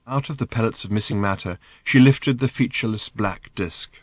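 A man narrating an audiobook in measured, lively storytelling. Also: lowish voice, no echo. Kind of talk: scripted narration.

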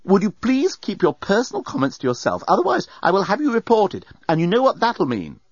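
A man's voice: high voice, wildly swooping pitch, brisk, slightly rough, no echo, voice pushed up, exaggerated voice. A man voicing a prim young woman who speaks in a cross, formal, precise way. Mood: stern. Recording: dull, muffled sound.

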